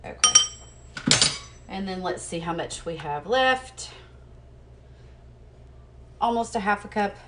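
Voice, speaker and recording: A woman's voice: mid-range voice, expressive, takes it slowly, long pauses, noisy background. A woman chatting casually to the camera while she preps meals in her home kitchen, talking to herself as she works and laughing at her own mishaps. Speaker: cooking vlogger. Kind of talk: casual cooking demo chat.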